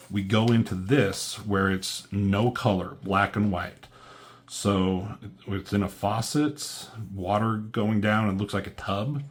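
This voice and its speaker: Male reviewer, very low voice, casual, rambling, filler-heavy, salty slang. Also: a little hiss or hum. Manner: rambling, lots of "um" and "like"; profane, loose slang. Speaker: comic book reviewer.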